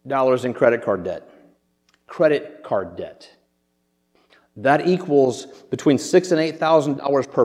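A man's voice: mid-range voice, a little mellow. A man preaching a sermon, earnest and conversational, often repeating words as he thinks. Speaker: pastor. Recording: long hall reverb.

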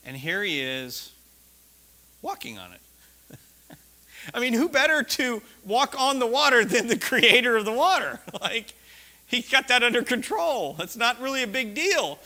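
Bright-voiced, high male preacher. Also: a little slow. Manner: animated storyteller, laughs often, shouts quoted lines. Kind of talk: sermon with personal story.

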